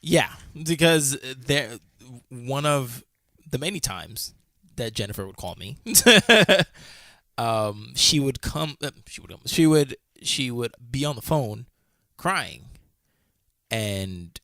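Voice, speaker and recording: A man's voice: mid-range voice, lively intonation, takes it slowly, pushed and bright, dry recording, studio quality. A man co-hosting a casual podcast chat, telling stories animatedly, laughing often and swearing casually. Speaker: podcast co-host.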